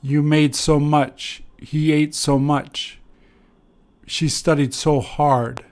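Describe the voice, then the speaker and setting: A man teaching an English grammar lesson, explaining step by step with pauses and fillers. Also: on the high side, flat delivery, a little mellow. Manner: slow, deliberate, with pauses and fillers.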